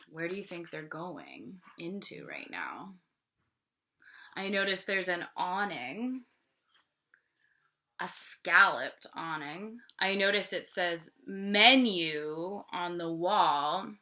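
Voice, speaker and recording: Slow, bright-voiced teacher reading aloud. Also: female voice, on the low side. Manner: slow, questioning, explaining. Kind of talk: read-aloud for young children.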